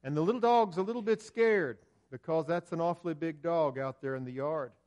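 A man preaching a sermon, building to loud emphatic peaks and dropping low and slow. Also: muffled recording.

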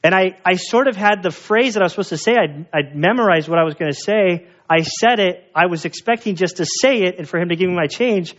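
Higher-voiced male pastor telling stories. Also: a little fast, hardly any pauses, fairly bright tone, dull audio. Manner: casual storytelling, conversational with fillers. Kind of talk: sermon.

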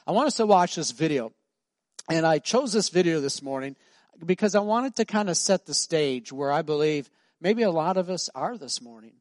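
Speaking at a normal speed in a slightly high, expressive voice, a middle-aged pastor preaches in a church sanctuary, though the recording has no room sound. He tells stories in a conversational manner and acts out the voices of their characters.

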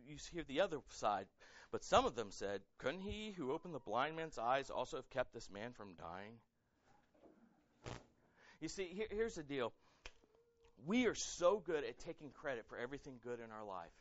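A man's voice: medium pitch, no room sound. Male pastor, fervent stumbling delivery, brassy edge, dry and a little dull on the mic. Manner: impassioned, repeats words and restarts, rising to near-shouting. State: emotionally raw. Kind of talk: sermon.

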